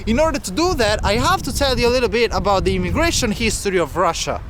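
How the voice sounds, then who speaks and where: A man's voice: high voice, expressive, quick pace, noisy background. A man walking city streets as a travel vlogger, chatting and explaining local facts to the camera. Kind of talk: walking travel vlog narration.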